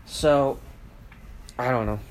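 Talking slowly in a medium-pitched voice, a solo podcast host rants casually from his home, swearing and rambling with lots of fillers and restarts. Family is nearby, and dogs and a TV make faint household noise in the background.

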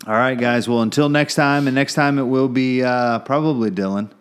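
A man's voice: mid-range voice, moderate pace, smooth. A middle-aged man hosting a casual podcast chat, laid-back, joking dryly and laughing often. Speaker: podcast host.

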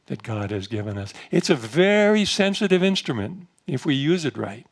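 A man giving an informal spiritual talk to a gathering, telling a story gently with soft laughs, then slowing to guide a meditation. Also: mid-range voice, big pitch swings, vocal fry. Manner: slows to a measured, guiding pace for meditation instructions.

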